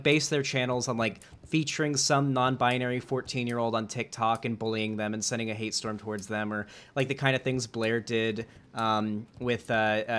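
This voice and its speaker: Man, host, casual debate, rambling, filler-heavy, laid-back, mid-pitched voice. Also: fairly bright tone. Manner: rambling, many fillers, restarts.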